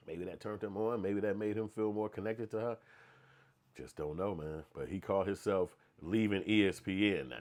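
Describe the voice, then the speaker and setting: A man giving a blunt, profane, slang-heavy commentary rant, stopping often to act out quotes in other voices. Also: low-pitched.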